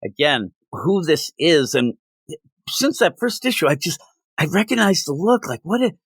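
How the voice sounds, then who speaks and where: A man's voice: a little high, normal speed, husky, no echo. A man co-hosting a comic book review show, talking casually and rambling with frequent restarts. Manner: rambling, animated, with many restarts.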